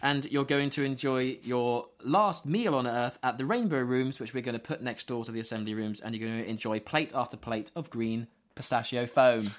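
A man's voice: mid-range voice, moderate pace, hardly any pauses. A man co-hosting a podcast, reading a playful recap and tour dates in an upbeat way. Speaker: podcast co-host. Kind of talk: casual chat, reading a recap.

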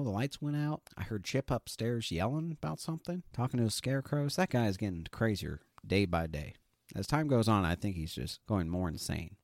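A man's voice: lowish voice, a little mellow, no echo, studio quality. A man on a comedic radio show giving an apologetic update, rambling and hesitant with many fillers. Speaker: radio show crew member.

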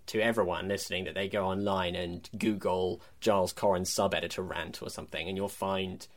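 A man co-hosts a relaxed film podcast, talking in a fairly low voice. His delivery is wry and chatty, and he often breaks into laughter. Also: brisk. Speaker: podcast co-host. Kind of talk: casual film podcast chat.

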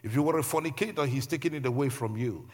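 A man's voice: medium pitch, quick pace, darkish tone. A male pastor preaching a sermon. He repeats phrases and builds emphasis as he preaches. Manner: preaching with repetition and rising emphasis.

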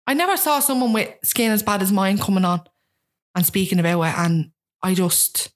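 A woman's voice: medium pitch, normal speed. A woman around thirty, a guest chatting casually and animatedly, often acting out what other people said. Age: about 30. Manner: animated, acts out quoted voices. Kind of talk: casual chat.

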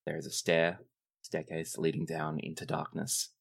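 A man running a tabletop game as game master, narrating scenes in a measured, descriptive way. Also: a bass voice, completely flat delivery, gravelly.

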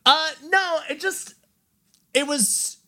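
A man's voice: very high-pitched, slow, over a noisy crowd. A man co-hosting a podcast in casual chat, rambling and restarting his sentences, laughing often. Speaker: podcast co-host.

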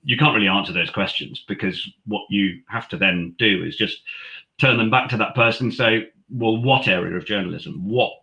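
A man's voice: lowish voice, normal speed, gravelly, bright, forceful tone, rough recording. A man, a rugby commentator telling stories in a chatty way, full of fillers and restarts. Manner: chatty, many fillers and restarts, acts out quoted lines. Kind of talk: conversational storytelling.

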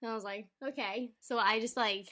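A woman's voice: mid-range voice, little pitch movement, fast talker, crowd noise. A woman guest on a podcast, chatting casually and trading teasing jokes with the host. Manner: joking, teasing banter. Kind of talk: casual chat.

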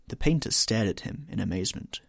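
A man narrating a classic novel in an expressive, measured storytelling manner. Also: fairly low pitch, gravelly, no echo, clean studio sound. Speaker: audiobook narrator.

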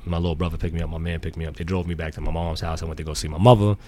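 A middle-aged man from the Bronx, telling a profane, animated story as a podcast guest. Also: very deep voice, racing, a little hiss or hum. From the Bronx, New York. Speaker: podcast guest, sneaker collector. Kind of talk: casual storytelling in an interview.

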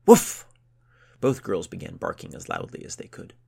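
Deep gravelly male storyteller. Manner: steady, measured storytelling. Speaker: narrator. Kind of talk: scripted audiobook narration.

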